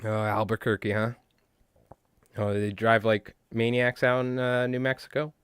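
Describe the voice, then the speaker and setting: A man with a low-leaning, monotone voice and a fairly bright, smooth tone hosts a casual fly tying livestream. He has a New York accent and keeps a moderate pace, rambling and joking with viewers as he ties. No room sound is audible.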